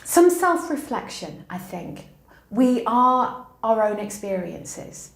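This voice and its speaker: A woman's voice: medium pitch, big pitch swings, takes it slowly, creaky. A middle-aged woman, a university educator, answering interview questions in an emphatic, encouraging way and telling anecdotes. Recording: echoey room.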